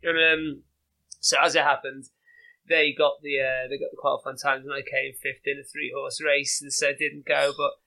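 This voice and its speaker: A man's voice: medium pitch, little pitch movement, moderate pace, vocal fry, sharp tone, poor audio. A British man in his forties, a guest telling stories in a casual interview, rambling with lots of fillers and laughing at his own anecdotes. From Britain. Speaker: guest runner.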